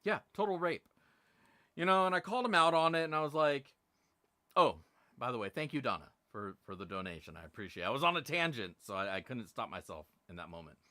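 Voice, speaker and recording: A middle-aged man rants on a live stream with a bright, forceful voice, and his pitch swings widely as he tells the story. He swears freely and sounds exasperated. The sound is dry and close. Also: expressive, brisk, dry recording. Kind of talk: casual ranting live stream.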